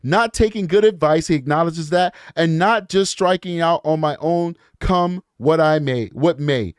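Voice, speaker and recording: This is a man hosting a true crime show, his voice sitting a little higher than most men's. He reads letters aloud and keeps stopping to add blunt, emphatic remarks to his audience. The sound is dry and close, with almost no room around it. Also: measured pace, clear, resonant tone, dry recording. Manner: blunt, emphatic, scornful asides; talks straight to his viewers. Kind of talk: reading emails aloud with commentary.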